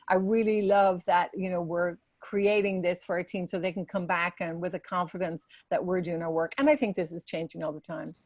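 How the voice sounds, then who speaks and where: A woman's voice: fairly low pitch, a little mellow, dry recording. A woman who runs salons, giving a casual, earnest talk to salon leaders with many fillers. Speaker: salon business leader presenting a webinar.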